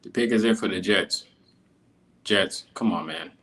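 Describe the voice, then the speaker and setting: A man giving live reaction commentary, exasperated and repeating himself, his voice jumping high in disbelief. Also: unhurried, a bit bright. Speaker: live draft reaction streamer.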